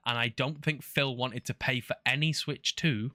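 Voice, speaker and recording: A man's voice: medium pitch, fairly even intonation, moderate pace, sharp tone, dry recording, studio quality. A man streaming, chatting casually, swearing and repeating himself. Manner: cursing, exasperated, repeats himself.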